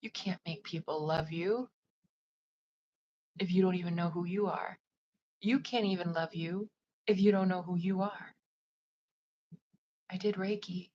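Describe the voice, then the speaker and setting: A woman, a psychic medium, talking casually on a livestream in a soft, often half-whispered voice, rambling with lots of fillers. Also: lowish voice, a little slow, pauses often, dull audio, a little hiss or hum. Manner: loose, rambling with many "like" fillers. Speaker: psychic medium and spiritual advisor.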